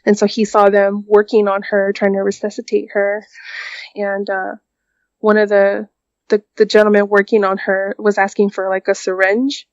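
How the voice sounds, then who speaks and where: A woman guest on a podcast telling a personal story in a halting, quiet way, full of "like" and "um". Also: mid-range voice, completely flat delivery, no echo, lo-fi sound.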